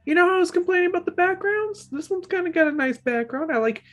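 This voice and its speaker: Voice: very high voice, expressive, fast talker, a bit bright, faint music behind. A book club host giving a casual, opinionated video review, rambling and often restarting sentences.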